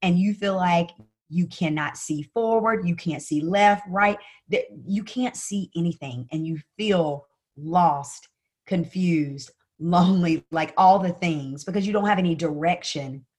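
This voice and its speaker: Podcast guest: a woman with a slightly low voice, earnest and animated in sharing her own story. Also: a little slow, breathy edge. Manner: earnest, animated, often addressing the host by name. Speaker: podcast guest, sales coach. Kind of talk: personal storytelling in conversation.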